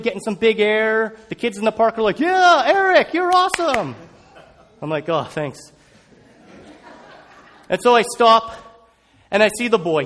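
Man preaching through a story, lively high voice, animated, long hall reverb. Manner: animated, acts out scenes. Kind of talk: storytelling sermon.

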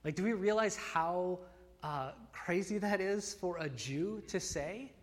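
A man's voice: high voice, unhurried. A man preaching a sermon, earnest and emphatic, often restarting phrases with fillers. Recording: long hall reverb.

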